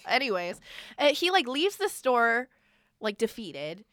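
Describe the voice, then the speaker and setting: A young woman, telling a work story in casual chat, animated and swearing freely. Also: a little high, unhurried, no echo.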